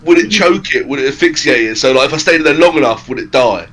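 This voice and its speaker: Male tabletop player, mid-pitched, rambling what-if talk, chatter clearly audible behind him. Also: quick pace. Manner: rambling, speculative, full of "like". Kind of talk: casual tabletop play.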